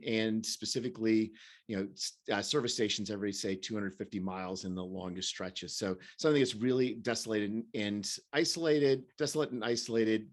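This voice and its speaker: A man co-hosting a casual podcast who talks in long rambling stretches, chuckling often. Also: on the low side. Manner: rambling, chuckling, many fillers and restarts. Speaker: podcast co-host. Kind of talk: casual chat.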